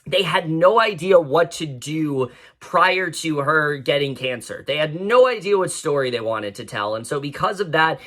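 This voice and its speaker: Young male film reviewer, slightly high, bright voice, frank and exasperated. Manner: frank and exasperated, with frequent fillers and restarts. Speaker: movie reviewer. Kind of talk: casual spoken film review.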